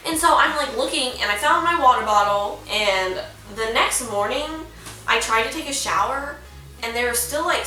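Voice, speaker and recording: A young woman in her late teens chats through a casual storytime vlog, her voice bright and a little high. She keeps saying "like" and acts out what people said. The camera mic sits some way off in a very echoey room, with faint music underneath. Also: distant mic. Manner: chatty, heavy use of "like", acts out quoted lines. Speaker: vlogger.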